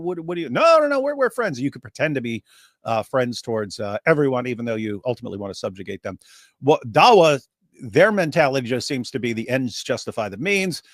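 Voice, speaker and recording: A man's voice: medium pitch, no echo, studio quality. A man co-hosting a casual live stream, giving blunt, opinionated explanations. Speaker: co-host.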